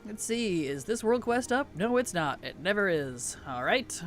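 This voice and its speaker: A man with a high-pitched, fairly bright voice streams a game at a moderate pace, sounding very animated. He chats casually, laughs often, and greets his chat while playing, with soft music in the background.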